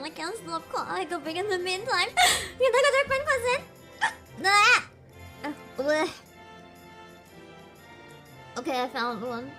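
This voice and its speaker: A woman streamer with a very high, sharp voice chats casually on her livestream, rambling along and giggling, laughing often as she talks.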